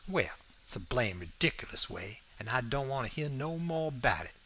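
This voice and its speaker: A man's voice: medium pitch, very animated, normal speed, bright, forceful tone, heavily acted. A man reading the part of a stubborn, plain-spoken grown man in a storybook, with a heavy rural dialect and a blunt, argumentative way of talking. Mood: indignant.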